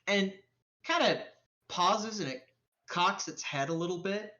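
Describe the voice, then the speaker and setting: A woman's voice: lowish voice, lively intonation, unhurried, pushed and bright, muffled recording. A woman running a live-streamed tabletop game as game master, narrating casually with lots of swearing and fillers. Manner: casual, profane, rambling with fillers.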